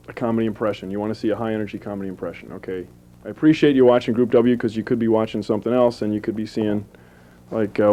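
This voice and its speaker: A man in his thirties doing goofy stand-up comedy on a public access TV show, deadpan jokes with sudden silly voices. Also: on the low side. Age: 30s. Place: small TV studio with live audience.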